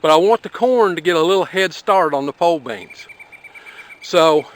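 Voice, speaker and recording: A man explaining how he plants his corn in a relaxed, folksy step-by-step way, talking to the camera outdoors on his farm. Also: on the high side, normal speed. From Appalachia. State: out of breath after planting. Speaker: homesteading vlogger.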